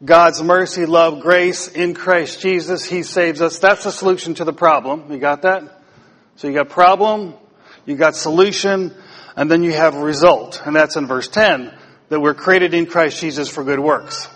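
A man's voice: fairly high pitch, moderate pace, a bit bright, in a large hall. A man preaching an interactive sermon as pastor, playfully quizzing the congregation and asking them to repeat words. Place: church.

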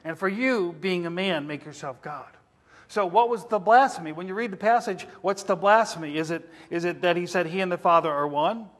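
A man's voice: high-pitched, a little fast, a bit bright. A man preaching a sermon, asking the congregation questions as he teaches. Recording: reverberant hall.

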